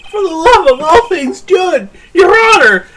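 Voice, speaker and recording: A woman's voice: very high-pitched, big pitch swings, unhurried, heavy background noise, exaggerated voice. A woman voicing a flustered young male defense lawyer with exasperated, wry asides in a game fan dub.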